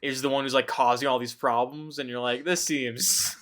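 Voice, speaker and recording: A man's voice: medium pitch, level tone, brisk. Profane joking man retelling a book. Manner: profane, jokey retelling with loud mock voices. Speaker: podcast host. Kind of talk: casual chat.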